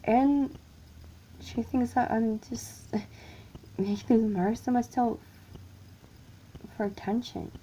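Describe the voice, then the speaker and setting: A woman tells a horror story in the first person, halting and frightened, slipping into whispers. Her voice sits a little high but mellow and dark in tone. She speaks very slowly, with a faint hiss of noise behind her. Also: low-quality recording.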